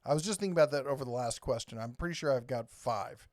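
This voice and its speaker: A man's voice: medium pitch, fast, a little mellow, dry recording, studio quality. A man hosting a casual live stream, rambling and reading viewer comments aloud. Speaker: host.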